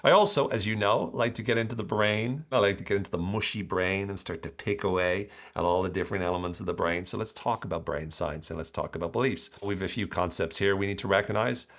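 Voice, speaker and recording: A man hosting his own podcast, explaining ideas in an enthusiastic, animated solo monologue. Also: low-pitched, quick pace, hardly any pauses. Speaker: podcast host.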